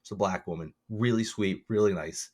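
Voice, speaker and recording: A man's voice: fairly low pitch, normal speed, darkish tone. A man co-hosting a podcast in casual chat, telling rambling stories and chuckling often. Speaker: podcast co-host.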